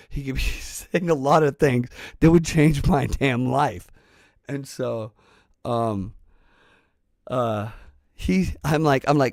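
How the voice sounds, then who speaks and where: A man's voice: mid-range voice, slow, creaky, darkish tone, no echo, clean studio sound. A man telling a personal story in a casual, rambling way, swearing freely and restarting his sentences often. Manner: rambling and profane, with many restarts. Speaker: channel host.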